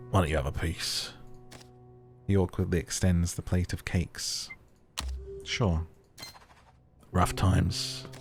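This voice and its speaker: A man reading the lines of an awkward, stammering truck driver in a story game. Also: low voice. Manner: hesitant, stammering. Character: awkward, bumbling bearded male truck driver.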